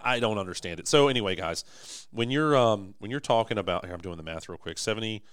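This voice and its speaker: A young man talks fast and emphatically on a podcast, his voice going a little hoarse. His low voice is clear and smooth. The recording is close and dry. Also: a bit bright, no echo. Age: young adult. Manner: enthusiastic, emphatic salesman. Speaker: podcast host, manufacturing company owner. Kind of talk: casual podcast chat.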